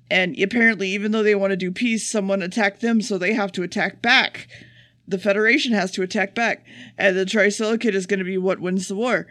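A man co-hosts a podcast, racing through an episode's plot in a casual, sarcastic, profane recap. His voice sits high with a sharp tone, recorded dry with clean studio sound.

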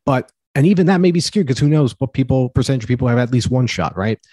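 A man's voice: mid-range voice, lively intonation, fast talker, mellow, slightly rough, no echo. A man co-hosting a podcast, making an emphatic, argumentative point in casual chat. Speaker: podcast co-host.

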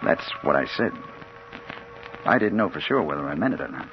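A hard-boiled crime reporter narrating. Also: male voice, rumbling low, very animated, brisk, over loud music. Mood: brooding. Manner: terse, urgent first-person narration. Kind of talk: 1940s radio acting. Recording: old radio broadcast, dull with faint hiss.

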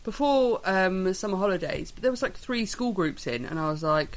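A woman's voice: fairly low pitch, a little fast, slight background noise. A woman co-hosting a podcast, chatting casually in a rambling, self-deprecating way. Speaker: podcast co-host. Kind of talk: casual chat.

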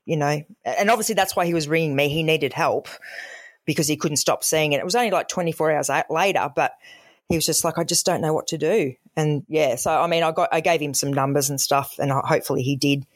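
A woman's voice: sits low, fast talker, no echo, clean studio sound. A woman with an Australian accent, a former emergency call operator, frankly recounting calls in a podcast interview. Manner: frank storytelling, acts out callers' voices.

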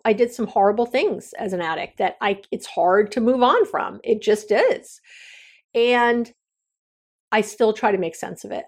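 A woman hosting her own podcast, talking candidly and from the heart, with frequent restarts and trailing thoughts. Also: medium pitch. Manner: earnest, heartfelt, meandering with many restarts. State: near tears. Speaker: podcast host. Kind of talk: candid solo podcast talk.

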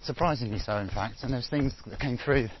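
A man's voice: mid-range voice, fairly quick. A middle-aged man with a London accent, a running coach rambling casually to his podcast listeners while jogging outdoors and getting out of breath. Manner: rambling, chatty, with many fillers. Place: outdoor forest path. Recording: dull outdoor recording with steady noise.

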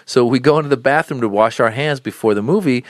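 A man's voice: mid-range voice, fast talker, no room sound, studio quality. A middle-aged man, a comedian guest, telling stories in a casual interview, rambling with many restarts and now and then acting out the voices of people in his stories. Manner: rambling, restarts often, acts out voices in quotes. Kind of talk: casual storytelling in a podcast interview.

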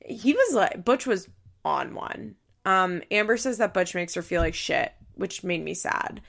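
A woman's voice: mid-range voice, very animated, unhurried, gravelly, a bit bright. A young woman hosting a podcast, chatting casually through a recap, with lots of "like" and acted-out quotes. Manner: chatty, uses "like" a lot, acts out quotes. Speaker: podcast host.

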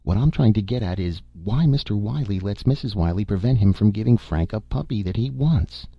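A man reading the part of a stern, blunt woman nurse, with pointed, crisp questions. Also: fairly low pitch, expressive, a little fast, no echo, highs cut off, voice pushed up. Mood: sharp.

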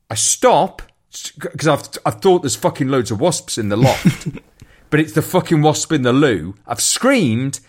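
Animated man telling a story. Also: mid-range voice. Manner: animated, swears a lot, laughs through stories. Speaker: podcast co-host. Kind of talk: casual storytelling chat.

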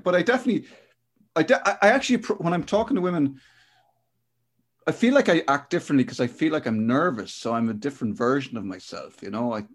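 An Irish man hosting a podcast, talking hesitantly with many restarts. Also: mid-range voice. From Ireland. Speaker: podcast host. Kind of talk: casual podcast chat.

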